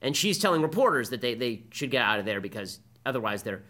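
A man hosting a political podcast, delivering fast, sarcastic, combative commentary. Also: medium pitch, sing-song, bright, forceful tone.

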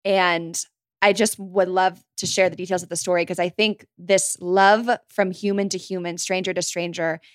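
Casting: woman host, smooth clear voice, lowish pitch, dry sound. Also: level tone, normal speed, no room sound. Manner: warm, admiring, gently probing. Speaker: interviewer. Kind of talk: interview questions.

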